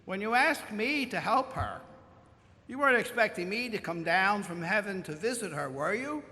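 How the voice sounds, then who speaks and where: A man voicing God as a gentle, patient Lord who asks leading questions, in a reverberant church. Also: high-pitched, animated, normal speed, pitched above the performer's own voice. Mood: gently probing. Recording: long church reverb, faint room noise.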